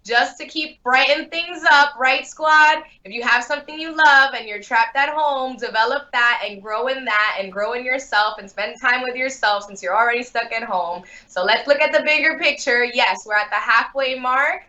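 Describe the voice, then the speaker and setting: A woman's voice: sits high, moderate pace, hardly any pauses, pushed and bright, muffled recording. A woman co-hosting a live-stream talk show, upbeat and motivational. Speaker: co-host.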